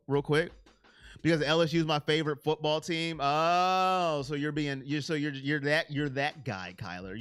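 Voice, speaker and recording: A man hosting a casual live stream on sports, answering his viewers' chat by name in an animated, self-confessed emotional way. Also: fairly high pitch, clean tone.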